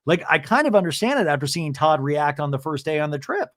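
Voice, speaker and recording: Animated, high-voiced male podcast host. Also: quick pace, dry recording, clean studio sound. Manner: animated, rambling, sarcastic. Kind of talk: comedic TV recap.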